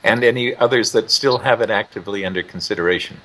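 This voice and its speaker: A man explaining church news in a measured, explanatory way. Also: on the low side, a bit bright, poor audio. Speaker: news commentator. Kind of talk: news analysis.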